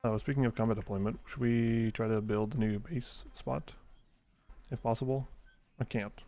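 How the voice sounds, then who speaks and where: A man live-streaming a video game, ranting in an animated, exasperated way with lots of swearing, then muttering through menus. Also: mid-range voice, moderate pace. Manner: mutters menu choices under his breath while playing. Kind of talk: casual live-stream gameplay commentary.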